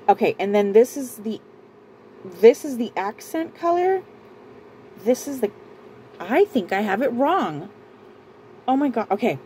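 A woman's voice: a little high, mellow, slight background noise, low-quality recording. A woman vlogger from Southern California, casually chatting through a beauty and clothing haul, rambling and stopping herself often. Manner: chatty, rambling, self-interrupting, laughs often. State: out of breath. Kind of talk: casual haul video chat.

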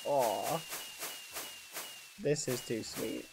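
A man's voice: mid-range voice, extremely slow, gravelly, background noise. A young man streaming a game, gushing over gifts with clean stand-in swears, many "aw"s and much laughing. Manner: says "aw" again and again, laughs often. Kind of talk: live game stream chat.

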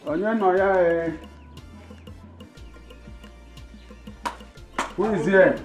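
A blustering Igbo father. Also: mid-range voice. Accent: Nigerian Igbo. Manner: scolding, rambling, mixes Igbo and English. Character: bossy blustering Igbo father, middle-aged man.

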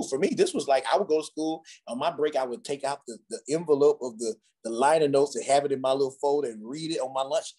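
A man's voice: fairly high pitch, a little mellow, husky. A man from Ghana, a drummer, telling stories from his childhood in a conversation and acting out the voices of the people in them. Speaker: guest drummer. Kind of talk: storytelling in a conversation.

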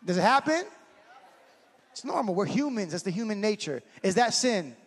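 A man preaching a sermon in an animated way, acting out scenes and swinging from shouting to a hush. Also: high-pitched, moderate pace, breathy edge. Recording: hall reverb.

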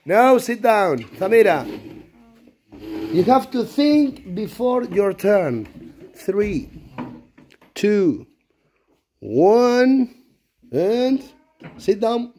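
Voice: medium pitch, sing-song, drawn-out words, long pauses, mellow, a little hiss or hum. A primary school teacher running an animal-word game in a classroom, praising and directing the children. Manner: encouraging, praising each child.

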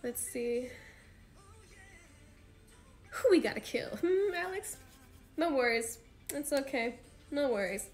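High-voiced chatty woman streaming to fans. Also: animated, takes it slowly, long pauses, a little mellow, faint music behind. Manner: chatty, rambling, slangy with frequent fillers. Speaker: idol livestream host. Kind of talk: casual livestream chat with fans.

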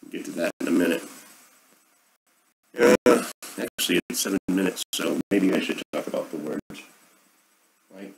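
Low-voiced rambling sarcastic man. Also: steady tone, moderate pace, gravelly, pauses often, a little hiss or hum, rough recording. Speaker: podcast host. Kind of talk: casual monologue.

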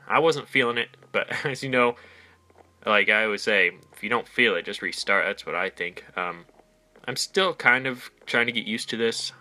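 A man's voice: mid-range voice, bright, forceful tone. A man casually narrating his own game as he plays, rambling with frequent ums and little laughs. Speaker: gaming channel host. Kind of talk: casual let's play commentary.

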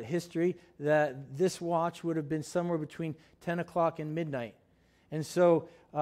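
Male pastor, fairly high voice, conversational sermon delivery with many ums and restarts. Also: a little mellow. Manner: reads scripture slowly, then preaches with many fillers and restarts. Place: church sanctuary.

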